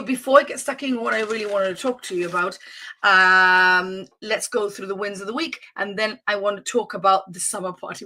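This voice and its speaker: Upbeat woman fitness coach, bright and forceful voice, chatty live-stream pep talk. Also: mid-range voice. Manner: energetic and motivational, with frequent restarts.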